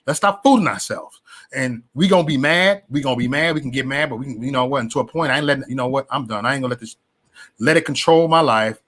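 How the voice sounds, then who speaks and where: A man talking casually about politics and faith, animated and preachy, with many restarts and slangy asides. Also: medium pitch, fast talker. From West Side of Chicago. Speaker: political commentator. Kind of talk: casual opinion vlog.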